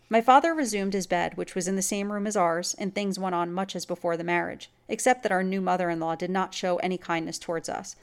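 A woman reads a classic tale aloud in a measured, even manner. Her voice has a gravelly fry to it. The delivery stays steady throughout. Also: on the low side. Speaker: story reader. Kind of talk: audiobook story narration.

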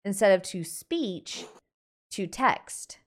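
A woman's voice: mid-range voice, animated, slow. A woman co-hosting a podcast in casual chat, asking questions and giving short agreeing replies. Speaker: podcast co-host.

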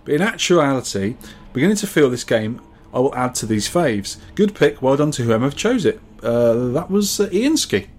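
A man's voice: medium pitch, big pitch swings, moderate pace, a little mellow. A man from England co-hosting a podcast, reading out listener scores and comments with wry asides in casual chat. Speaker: podcast co-host.

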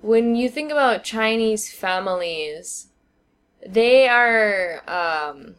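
A woman co-hosting a casual podcast chat, explaining her views at length with thoughtful pauses and fillers. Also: mid-range voice, lively intonation, fairly bright tone, clear, resonant tone. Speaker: podcast co-host. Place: living in China.

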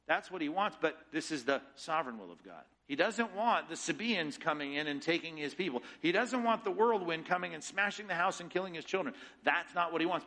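A man's voice: on the high side, bright, forceful tone, low-quality recording. A middle-aged man preaching a sermon as pastor, teaching with emphatic rhetorical questions.

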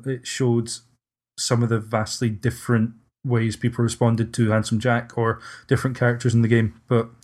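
A man with a medium-pitched, slightly mellow voice hosts a laid-back podcast conversation. He sounds hesitant and keeps starting his sentences over.

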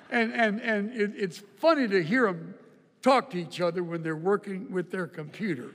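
In a church auditorium with a long reverb tail, an older male pastor preaches a sermon in a high voice at normal speed. His delivery is folksy and humorous, and he often repeats words while telling stories.

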